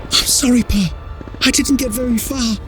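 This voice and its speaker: A man's voice: very high voice, fairly even intonation, normal speed, faint music behind, pitched above the performer's own voice. A terrified wounded boy, as a man puts him on. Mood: pleading. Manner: pleading, choked with fear and pain. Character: wounded young son, terrified and apologetic.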